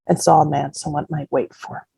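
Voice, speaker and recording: A woman reading the lines of a quiet, polite young male war veteran looking for farm work. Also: low-pitched, flat delivery, moderate pace, gravelly, husky, no room sound, heavily acted. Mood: humble. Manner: soft, polite, humble.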